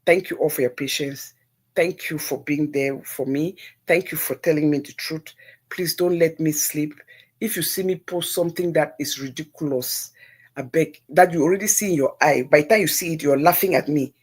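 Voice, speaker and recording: A woman's voice: sits low, normal speed, breathy edge. A middle-aged Nigerian woman hosting a live-stream call-in show, talking earnestly and pleadingly, repeating herself and slipping into pidgin. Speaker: livestream host.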